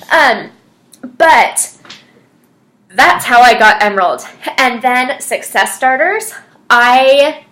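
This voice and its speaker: A woman's voice: on the high side, bright, forceful tone. A woman telling her personal story as a fitness coach, earnest and chatty with lots of fillers. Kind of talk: personal story, casual monologue.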